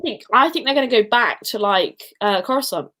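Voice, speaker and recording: A woman's voice: on the high side, lively intonation, a little fast, fairly bright tone. A woman co-hosting a casual fan chat, gushing and emotional as she rambles. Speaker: podcast co-host; teacher.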